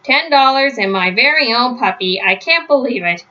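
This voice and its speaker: An earnest young aardvark boy from a read-aloud storybook, voiced by a woman. He sounds eager and caring, and his voice goes up when he gets excited. The voice is high and bright, and the home recording is muffled. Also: moderate pace.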